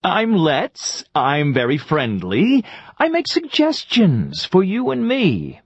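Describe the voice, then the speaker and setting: A man's voice: on the high side, huge pitch swings, slow, slightly rough, no echo, lo-fi sound, full character voice. A man voicing a friendly, sociable cartoon word character who talks in a cheerful, inviting way in an educational cartoon.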